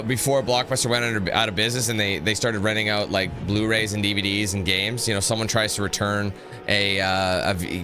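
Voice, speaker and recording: A young man giving casual, rambling gameplay commentary, greeting viewers and laughing easily. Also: on the low side. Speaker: gaming YouTuber. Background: music.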